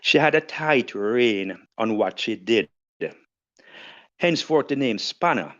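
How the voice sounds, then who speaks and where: Older man, formal tribute, unhurried, dull lo-fi recording. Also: medium pitch, lively intonation. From Jamaica. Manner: formal, measured and elaborate. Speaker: podcast guest. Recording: dull lo-fi audio.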